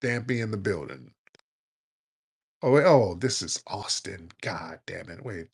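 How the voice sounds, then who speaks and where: A man hosts a late-night call-in room with a loose, joking delivery full of slang. His voice sits a touch low and he talks bluntly, as if he has no time to waste. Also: expressive, unhurried, gravelly, husky. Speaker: host of a live audio chat room.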